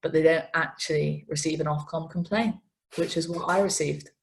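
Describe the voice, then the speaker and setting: A woman with a low-pitched voice tells interview anecdotes with animated, self-mocking energy. Her phrasing is conversational and quick to poke fun at herself. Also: vocal fry, a little hiss or hum. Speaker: racing TV presenter.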